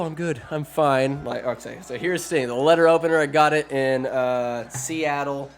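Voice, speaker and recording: A man hosting a podcast, giving a rambling, crude and sarcastic comedic movie recap. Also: a little high. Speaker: podcast host.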